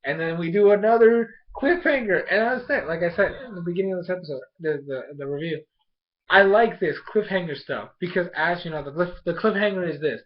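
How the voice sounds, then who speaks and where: A young man with a slightly high voice rambles excitedly through an episode recap, full of ums, likes and false starts. The recording sounds dull and lo-fi. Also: a little fast. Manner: rambling and excitable, lots of fillers and restarts. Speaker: anime episode reviewer. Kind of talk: casual recap and review.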